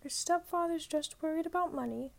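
Woman voicing a soft, patient mother. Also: sits high, brisk, gravelly, voice pushed up. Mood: calm. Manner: soft, even, soothing.

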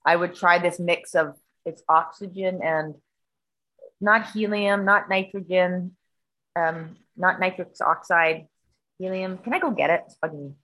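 A middle-aged woman spins a rambling story in casual conversation, swearing freely as she goes. Her voice is bright and forward. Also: lowish voice, unhurried, low-quality recording. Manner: profane, rambling, animated.

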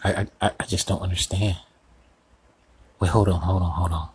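A man's voice: sits low, steady tone, moderate pace, a little mellow, husky, low-quality recording. A man hosting a comedic solo podcast sketch, rambling and swearing as he talks to himself. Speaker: podcast host.

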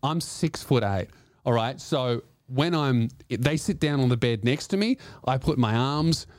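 A man telling a comedic story on his podcast, animated and swearing, acting out the other voices. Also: mid-range voice, measured pace, dry recording, clean studio sound.

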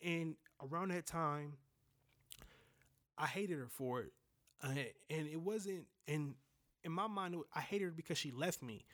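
A man's voice: on the high side, unhurried, long pauses, fairly bright tone. A young man candidly telling a personal story in a blunt, profane way, full of restarts. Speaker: podcast host.

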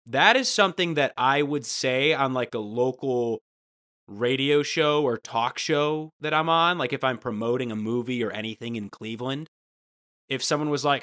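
A man's voice: medium pitch, moderate pace, fairly bright tone. A man from Ohio co-hosting a comedy podcast, ranting in a profane, sarcastic way. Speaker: podcast co-host. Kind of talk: casual comedic chat.

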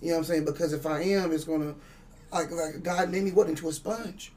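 A man's voice: on the high side, steady tone, fairly quick, darkish tone, recorded from a distance, a little hiss or hum. A man telling a spiritual story in casual chat, rambling and profane, acting out the dialogue. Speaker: guest.

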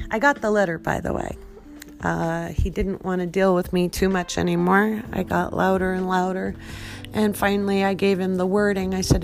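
A middle-aged woman narrating her own memoir with intensity, building to loud, emphatic outbursts. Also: mid-range voice, fairly even intonation, normal speed, gravelly, faint music behind. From United States. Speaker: memoir narrator and podcast host. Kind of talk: dramatic memoir reading.

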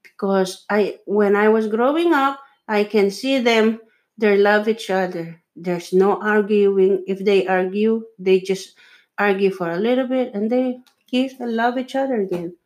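Slow, earnest woman giving marriage advice. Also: mid-range voice, darkish tone. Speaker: podcast co-host. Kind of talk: casual chat with her husband.

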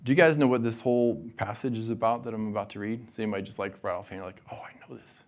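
A man's voice: on the low side, steady tone, very fast. Guy preaching at a college chapel, laid back, cracks jokes w the crowd. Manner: casual and joking with the audience. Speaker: guest chapel speaker. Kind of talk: chapel sermon.

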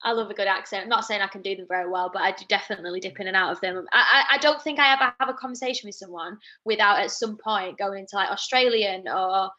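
An English actress guest in a casual interview, chatty and giggly. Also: female voice, mid-range voice, fast talker, few pauses, pushed and bright, lo-fi sound.

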